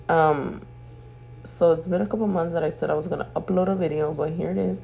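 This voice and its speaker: Still sleepy after just waking up, this nail artist and video host narrates a casual voiceover at home while putting on makeup, clearing her throat at times and telling stories in chatty, cursing slang. Her voice sits low and dark, animated and a little fast.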